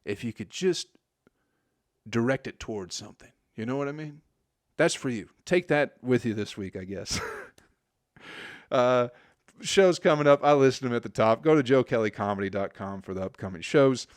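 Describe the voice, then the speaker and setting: A man in his forties from Michigan hosts a podcast by himself, expressive and moderately paced in a mid-range voice. Studio-quality, echo-free audio captures his profane, crude monologue as it wanders and sinks into mumbles.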